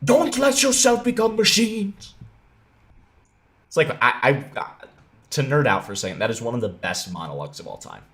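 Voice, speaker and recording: A man's voice: on the low side, big pitch swings, fast talker, fairly bright tone. Profane sarcastic young man commenting. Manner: sarcastic, profane, often laughing. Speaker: commentary video host. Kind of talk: casual reaction commentary.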